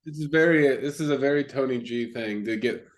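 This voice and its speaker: A man's voice: mid-range voice, brisk. A man co-hosting a podcast in casual banter, stammering and laughing as he talks. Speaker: podcast co-host.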